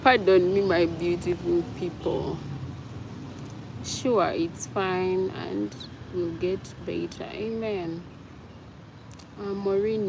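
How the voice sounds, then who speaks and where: Woman livestream host, slow easy chat, low-ish pitch, noisy roadside. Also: vocal fry. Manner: apologetic, chatty, reads comments aloud. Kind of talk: casual livestream chat with viewers.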